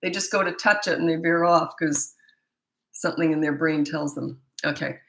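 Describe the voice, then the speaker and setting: A woman's voice: low voice, steady tone, normal speed, fairly bright tone, echoey room, poor audio. Blunt, chatty woman parenting coach. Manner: chatty and blunt, with stammered restarts. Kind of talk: live Q&A answering viewer comments.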